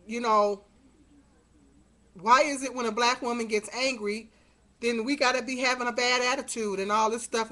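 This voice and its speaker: Speaking into her webcam's built-in mic, a middle-aged female vlogger tells a meandering, fed-up story packed with filler words. Her voice sits on the higher side and has a sharp edge.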